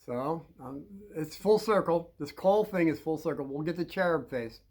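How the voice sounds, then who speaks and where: A man's voice: a little high, moderate pace, a little mellow. An older man from New Jersey, telling kids a rambling personal story with folksy, chuckling asides.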